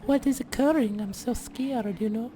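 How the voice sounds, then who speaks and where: A man putting on a silly, high voice for a flustered, easily scared character with a mock accent. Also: normal speed, dark tone, a little hiss or hum, low-quality recording. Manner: silly and exaggerated.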